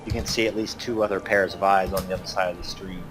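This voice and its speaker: A man's voice: low voice, steady tone, fast talker, music in the background. A man narrating a tabletop game as game master, hesitant and full of fillers. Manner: hesitant, filler-heavy, lots of "kinda".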